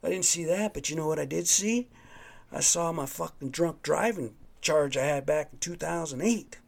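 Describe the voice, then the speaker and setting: A man's voice: on the high side, normal speed, creaky. A man hosting his own podcast, telling a rambling, profane story in a casual, worked-up way. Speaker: podcast host. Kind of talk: casual solo monologue.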